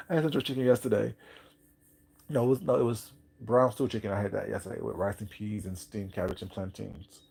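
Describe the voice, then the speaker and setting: A man's voice: on the low side, fairly even intonation, moderate pace, creaky, long pauses, a little mellow, slightly rough. A man hosting a casual livestream, chatting to viewers while he eats and often laughing. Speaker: livestream host. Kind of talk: casual live chat while eating.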